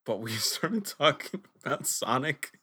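A man's voice: a little high, unhurried, breathy edge. A man hosting a podcast, telling stories in crude, laughing casual chat. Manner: crude, laughing, lively storytelling. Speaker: podcast host.

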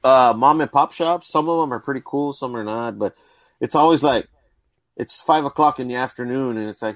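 A man's voice: mid-range voice, a little fast, dry recording. A man in casual chat, joking and swearing as he tells stories. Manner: joking, swearing, lively delivery.

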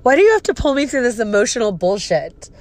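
A woman's voice: on the high side, sing-song, fast talker. A woman in her thirties with an emotional, profane, venting manner, hosting a casual personal podcast. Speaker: podcast host.

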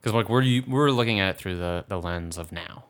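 A man co-hosting a casual movie podcast, animated and acting out quotes as he talks. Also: deep voice, normal speed, clean tone. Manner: animated, acts out quoted voices. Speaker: podcast co-host.

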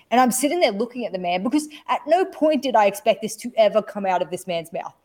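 Woman, esports broadcaster, casual storyteller. Animated, acts out every quote, swears a lot. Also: mid-range voice, fast, hardly any pauses.

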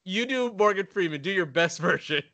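A man's voice: high voice, animated, normal speed, sharp tone, dry recording. A man co-hosting a casual podcast, easygoing and laughing a lot as he plays along. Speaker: podcast co-host. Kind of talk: casual chat.

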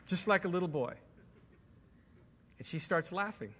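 A male pastor delivers an emphatic sermon in a fairly high, bright, forceful voice. He puts rhetorical questions to his congregation, and his words ring out with a long reverb in a large church hall. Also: animated, normal speed, long pauses. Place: church sanctuary.

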